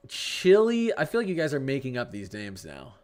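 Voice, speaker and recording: A man's voice: mid-range voice, big pitch swings, fast talker. A man hosting a casual live weather stream, reading the radar and answering his chat. He talks loosely, restarts his sentences and stumbles over place names. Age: adult with a young son. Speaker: livestream weather host.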